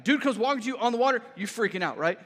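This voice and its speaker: A man preaching a sermon as a pastor, telling his story with lively repeats and a habit of asking "right?". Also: very high-pitched, racing. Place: church sanctuary. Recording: reverberant church hall.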